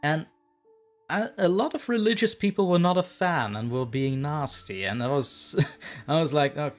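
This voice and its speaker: Man hosting a casual chat, laughs a lot, says what he thinks, some soft music in back. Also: on the high side, moderate pace. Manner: chatty, laughs often, blunt opinions. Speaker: podcast host.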